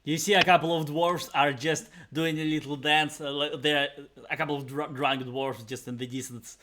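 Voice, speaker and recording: A man's voice: on the high side, steady tone, moderate pace, bright, forceful tone. Rambling male game master. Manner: rambling, full of fillers and restarts. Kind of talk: narrating a tabletop game.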